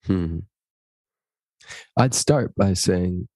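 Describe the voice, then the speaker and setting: Low husky man telling stories. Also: dry recording. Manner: animated, acts out dialogue in stories; slow, earnest inspirational delivery. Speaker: guest. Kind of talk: interview storytelling.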